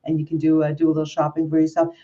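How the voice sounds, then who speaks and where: A woman's voice: low-pitched, completely flat delivery, racing, dark tone, muffled recording. A woman hosting an interview show, effusive and encouraging, talking over a video call. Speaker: show host. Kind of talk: interview chat.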